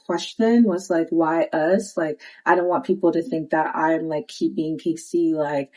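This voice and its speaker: This young woman, low-voiced and unhurried, delivers a sassy, slang-filled recap of a reality dating show and performs the cast's quotes in their voices. The recording is rough.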